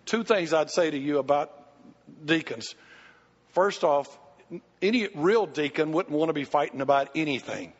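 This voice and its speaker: A man's voice: a little high, normal speed. An older man, a pastor answering questions from his congregation and telling stories with acted-out voices. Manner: animated storytelling, acts out quoted voices. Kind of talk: church Q&A teaching. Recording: muffled hall recording.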